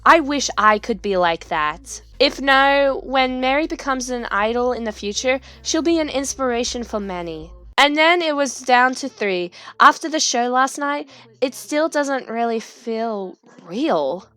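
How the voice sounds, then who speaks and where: A woman's voice: high voice, expressive, measured pace, a bit bright. A woman reading a thoughtful young idol narrator. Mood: reflective. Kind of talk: reading game narration aloud.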